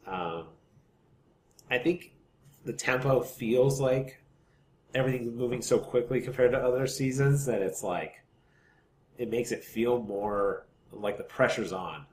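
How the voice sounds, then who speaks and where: A man co-hosting a podcast, chatting casually in a laid-back, hesitant way with many fillers. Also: lowish voice. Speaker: podcast co-host. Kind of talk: casual chat. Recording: echoey room with faint hiss.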